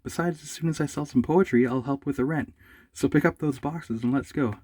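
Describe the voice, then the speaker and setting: A man's voice: medium pitch, a little mellow, natural voice. A man voicing a happy, pushy male bear poet in a bikini, speaking chirpily and wheedling. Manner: chirpy and wheedling, poems read slowly.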